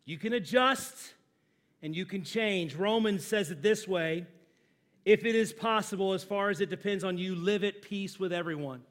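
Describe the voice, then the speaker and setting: A pastor preaching a sermon, moving from loud emphatic lines to low hushed phrases, chatting with and joking with his congregation. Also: moderate pace. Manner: conversational, asks the congregation questions and jokes with them.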